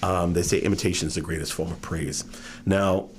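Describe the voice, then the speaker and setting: A man with a non-regional American accent, a guest author telling animated stories in a casual interview. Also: low-pitched, fairly quick, noisy background. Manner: animated storyteller, drops into impressions.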